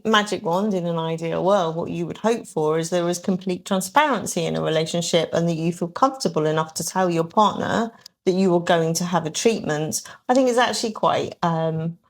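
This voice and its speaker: A woman talking as a guest on a podcast about her aesthetics work, thoughtful and hedging with many ums and restarts, with the odd dry sarcastic aside. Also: on the low side. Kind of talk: conversational podcast interview.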